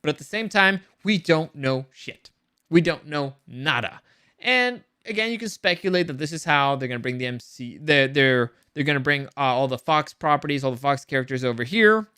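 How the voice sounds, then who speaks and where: Excitable man with a bright voice. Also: on the high side, moderate pace, smooth. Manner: rambling, many restarts and repeated words; excited, speculative. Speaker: show reviewer. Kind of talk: casual review chat.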